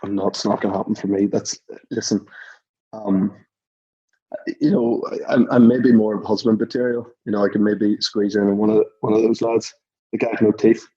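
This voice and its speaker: Guest: relaxed Northern Irish man in his thirties, raspy tone, tells stories with a laugh, muffled low-fi sound. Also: normal speed. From Northern Ireland. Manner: chuckling anecdotal storyteller. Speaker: podcast guest. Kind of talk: casual chat.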